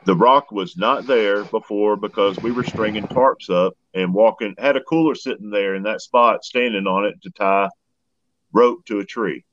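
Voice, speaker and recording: A man's voice: on the low side, normal speed, no echo, dull audio. A plain-spoken man, telling his story as a guest. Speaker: guest researcher. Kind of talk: casual storytelling.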